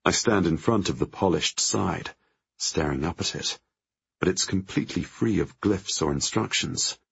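A man with a very low, gravelly voice reads a novel in the first person and sounds strongly husky. His telling is measured and tense. The recording is dry and slightly muffled. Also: fairly bright tone, dry recording. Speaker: audiobook narrator.

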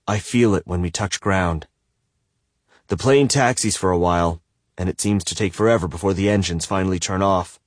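A man reading a first-person audiobook in a tense, measured way. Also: fairly low pitch, no echo, studio quality. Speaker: audiobook narrator.

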